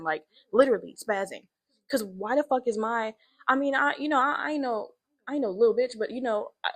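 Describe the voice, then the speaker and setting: Animated, cussing young woman storyteller. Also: medium pitch, a little fast. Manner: animated, profane, rising to shouts at peaks. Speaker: podcast host. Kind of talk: casual storytelling monologue.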